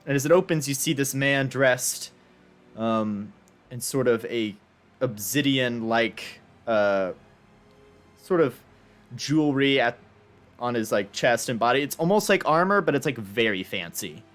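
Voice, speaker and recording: A man's voice: mid-range voice, lively intonation, unhurried, fairly bright tone, soft background music. A man narrating as game master of a tabletop game, describing scenes in a loose, searching way.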